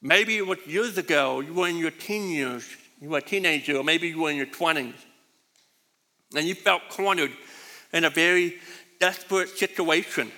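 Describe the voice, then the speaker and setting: Long hall reverb surrounds a middle-aged preacher whose fairly high voice is bright and forceful. Centering his sermon on a personal story, he rambles, repeats words, and describes his own distinctive voice as bad.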